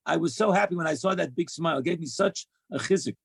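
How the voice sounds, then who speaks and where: Man, heartfelt religious talk, earnest, emphatic, husky tone, dry close sound. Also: a little high, fast talker, dry recording. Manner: earnest, emphatic, repeats key phrases. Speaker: speaker sharing Torah lessons.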